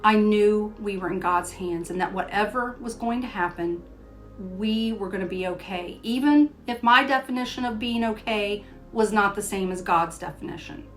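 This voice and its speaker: Older woman telling a gentle faith story. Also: medium pitch, moderate pace, faint music behind. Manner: gentle, personal storytelling, reading scripture aloud. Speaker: host of a Christian devotional show. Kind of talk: devotional storytelling and Bible teaching.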